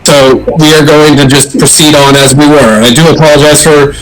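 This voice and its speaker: A man's voice: fairly high pitch, steady tone, brisk, faint music behind, poor audio. A man playing a tabletop game, speaking politely and formally in character. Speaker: player.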